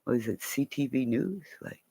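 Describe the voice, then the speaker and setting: A woman's voice: a bass voice, lively intonation, normal speed, creaky, dark tone, slightly rough, no echo. A woman chatting on a livestream, rambling from one thought to the next, laughing often and swearing now and then. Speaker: livestream host. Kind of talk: casual livestream chat.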